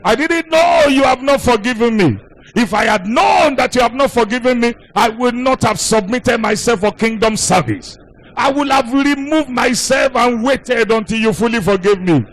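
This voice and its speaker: A man's voice: very high voice, normal speed, poor audio. A man voicing an elderly husband, crying aloud and begging his wife to forgive him. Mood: pleading, tearful. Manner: sobbing, pleading shouts.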